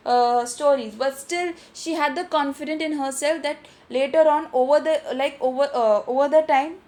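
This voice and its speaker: Her voice is high-pitched and a little mellow, with fairly even intonation at normal speed. She's an Indian English–accented teacher reading a story aloud in an online literature class, explaining vocabulary instructively, repeating phrases and frequently starting over.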